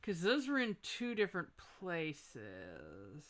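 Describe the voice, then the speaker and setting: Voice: medium pitch, huge pitch swings, slow, fairly bright tone, poor audio. A let's-player giving casual, rambling commentary over a video game, joking and self-deprecating.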